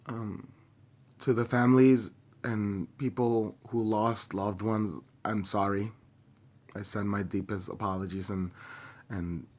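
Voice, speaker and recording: A young man speaking straight to camera in a personal video, grieving and angry, impassioned and halting with many pauses, swearing openly. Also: fairly low pitch. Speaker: vlogger.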